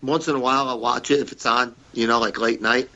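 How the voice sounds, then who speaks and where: A man's voice: medium pitch, fairly even intonation, fairly quick, bright, forceful tone, muffled recording. A man guest on a podcast, rambling through stories in a casual, profane way and repeating himself. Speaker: podcast guest, former wrestler. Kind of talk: casual storytelling interview.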